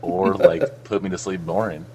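A man's voice: sits low, moderate pace, mellow, slightly rough. A man from South Florida co-hosting a podcast, joking around and swearing freely in casual banter. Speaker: podcast co-host.

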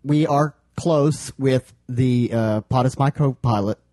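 A man's voice: mid-range voice, slow pace, mellow, no room sound. A man co-hosting a podcast in casual chat, tossing off dry, sarcastic quips. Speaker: podcast co-host.

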